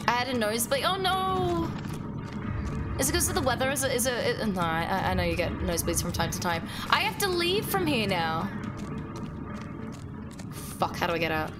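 Woman, excitable, swearing, game music behind. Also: mid-range voice, brisk. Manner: excitable, swears a lot, talks to chat. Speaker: livestreamer. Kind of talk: casual gameplay livestream chat.

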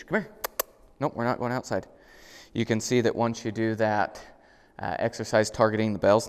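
A man demonstrating dog training indoors, explaining casually and calling out upbeat commands to his dog. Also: long reverb tail. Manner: relaxed explaining, bursts into high, loud, upbeat dog commands. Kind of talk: casual instructional talk. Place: indoors in a house.

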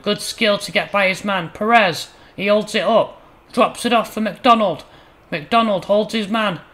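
A man hosting a gaming channel, commentating his own football game matches in a mock match-commentary style, flaring up loudly on near misses and goals. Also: sits high, measured pace. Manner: excitable, bursts loud on chances and goals. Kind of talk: playful mock match commentary over gameplay.

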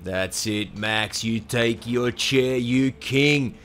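A man giving excited gameplay commentary, cheering and whooping at his wins. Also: medium pitch, drawn-out words, a little hiss or hum. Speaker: gaming commentator.

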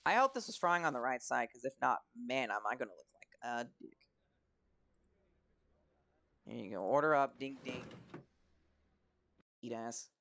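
A man's voice: mid-range voice, animated, moderate pace, vocal fry, sharp tone. A young man giving casual let's-play commentary, chatty, swearing and talking to himself as he plays. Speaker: gaming commentator.

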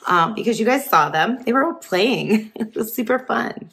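A woman's voice: a little high, animated, normal speed, vocal fry, fairly bright tone. A woman teacher reading a picture book aloud to children, chatty and asking the listeners questions as she goes. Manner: chatty, asks listeners questions, laughs often.

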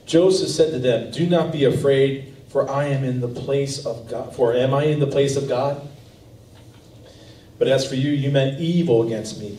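A man preaching an earnest, conversational sermon, with a mellow, dark tone. He stands back from the mic in a roomy church sanctuary, captured on a live recording with faint background hiss. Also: medium pitch, distant mic. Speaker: pastor.

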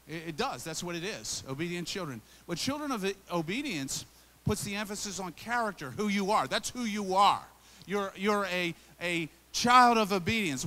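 A man's voice: high-pitched, a bit bright, a little hiss or hum. A male pastor preaching a sermon in a conversational, emphatic way, often repeating and restarting phrases.

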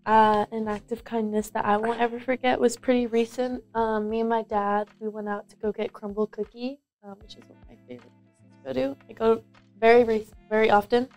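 A woman's voice: fairly high pitch, level tone, brisk, a little mellow, faint music behind. A young woman guest in a casual student interview, telling stories in a rambling way with many fillers. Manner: rambling, filler-heavy storytelling. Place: school.

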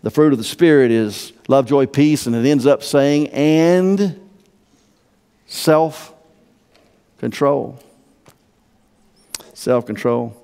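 A man preaching a sermon as pastor, emphatic and swinging from hushed to loud. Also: fairly high pitch, a little slow, few pauses, clean tone. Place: church sanctuary. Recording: long church-hall reverb.

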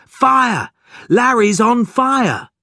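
A man reading a storybook, voicing an excitable teenage sister with a shrill, high voice. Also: drawn-out words, no echo, clean studio sound, exaggerated voice. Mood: panicked.

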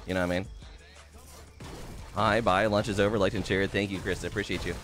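A man commentates his own game live for his viewers. His voice sits low, and his talk is casual and full of swearing. Faint music plays under him as he reads out names from the chat. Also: fairly quick. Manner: profane, excitable, greets chat by name. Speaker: game streamer.

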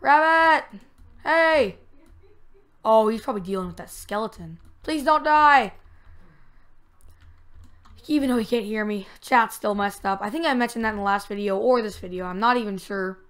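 A woman giving casual, rambling commentary while playing a video game, now and then breaking into excited yells. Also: mid-range voice, fast talker, hardly any pauses. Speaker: gamer.

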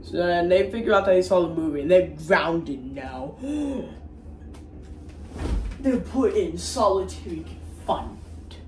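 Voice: mid-range voice, moderate pace, a little mellow, reverberant, slight background noise. Rambling casual movie recap vlogger. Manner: rambling, unsure of itself, slangy.

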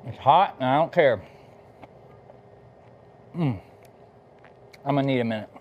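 Talking between bites at a live cooking demo he's hosting, this middle-aged pitmaster from Texas is relaxed and eager. His medium-pitched voice is animated and unhurried with a darkish tone, and the recording sounds muffled.

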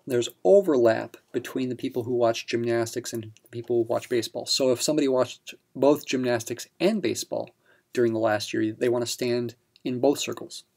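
A man walks through a probability exercise in a relaxed, patient teaching voice. His tone has a gravelly fry to it, sitting at an ordinary male pitch, and he breaks each point down step by step. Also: brisk. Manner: patient step-by-step explanation with fillers. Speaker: math instructor. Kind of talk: explaining a practice problem.

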